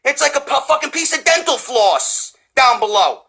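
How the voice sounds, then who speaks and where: A man with a New York accent, ranting about wrestling with heavy swearing, mockery and frequent shouts. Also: very high voice, lively intonation, moderate pace, faint music behind. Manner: swearing, often shouting, mocking. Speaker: wrestling reviewer. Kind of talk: profane comedic rant.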